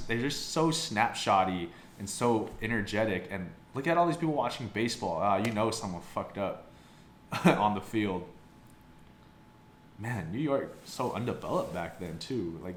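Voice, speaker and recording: Deep-voiced young man, laid-back rambling. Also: measured pace. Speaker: photobook reviewer. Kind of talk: casual review chat. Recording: roomy sound with faint background noise.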